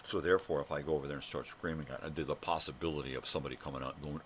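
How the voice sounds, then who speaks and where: An older man hosting his own daily vlog, ranting angrily and swearing, with bursts of shouting. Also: very deep voice, fairly even intonation, very fast, few pauses, slight background noise. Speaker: vlog host. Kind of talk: angry profane rant.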